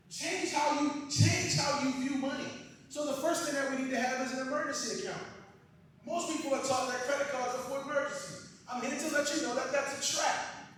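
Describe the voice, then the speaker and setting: A man giving a loud, passionate financial workshop to a live audience, checking in with "right?" as he goes. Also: very high-pitched, moderate pace. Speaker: financial education presenter. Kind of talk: energetic workshop lecture. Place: large echoey hall with a live audience. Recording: very echoey hall, distant mic, faint noise.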